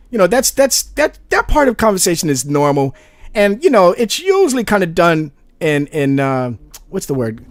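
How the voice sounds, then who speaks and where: A man hosting a commentary channel, reacting to a debate clip with animated, sarcastic asides. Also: fairly high pitch, no echo.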